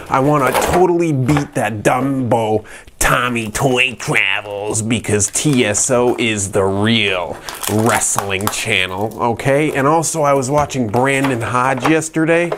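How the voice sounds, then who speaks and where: A man's voice: medium pitch, background noise. A man reviewing wrestling toys in a casual, rambling, joking way, with lots of fillers and restarts. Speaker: toy reviewer. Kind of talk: casual unscripted toy review.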